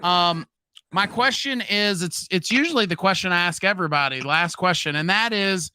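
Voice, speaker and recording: A man hosting a live-streamed interview, relaxed and hesitant, who talks to the viewers in the chat. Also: high-pitched, moderate pace, clear, resonant tone. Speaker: interview host.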